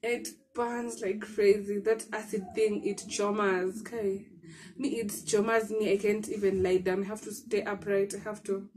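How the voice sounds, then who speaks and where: A woman's voice: mid-range voice, little pitch movement, unhurried, a little mellow, a little hiss or hum. A woman with a Kenyan accent vlogging casually to camera from her bedroom, short of breath, chatty, often laughing and dropping Swahili words into her talk. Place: bedroom at home.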